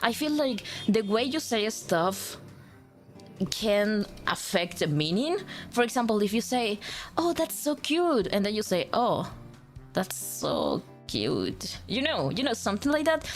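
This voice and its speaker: A woman's voice: a little high, lively intonation, moderate pace, soft background music. Spanish-accented woman, rambling casual chat. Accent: Latin American Spanish. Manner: rambling, with many fillers and self-corrections; joking and self-deprecating. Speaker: streamer.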